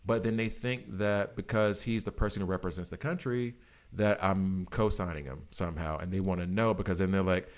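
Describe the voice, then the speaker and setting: A man's voice: low voice, animated, normal speed. An American man in his late thirties, chatting loosely with viewers on a live stream in a rambling, slangy way. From United States. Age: 30s. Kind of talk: casual chat with viewers.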